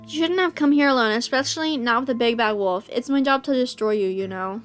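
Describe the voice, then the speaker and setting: A woman's voice: fairly high pitch, a little fast, smooth, faint music behind, lightly acted. Woman reading as a brooding wolfish young man. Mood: taunting. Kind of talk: reading a visual novel aloud.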